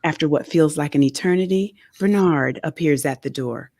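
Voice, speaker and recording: Woman author, low gravelly voice; measured, expressive reading of her memoir, dry studio sound. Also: dry recording. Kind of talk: reading a memoir excerpt aloud. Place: radio studio. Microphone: studio microphone.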